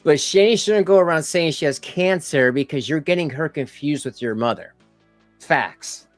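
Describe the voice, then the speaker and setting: A man's voice: fairly high pitch, normal speed, dry recording, faint music behind. A man doing casual live-stream commentary, rambling with lots of "you know" and "like" and asides to his viewers. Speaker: live streamer reacting to videos.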